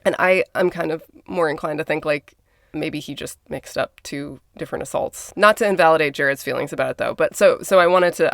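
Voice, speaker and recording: A woman's voice: sits low, vocal fry, no echo, clean studio sound. A woman from Minnesota co-hosting a podcast, telling a true-crime story casually with blunt, conversational asides. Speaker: podcast co-host.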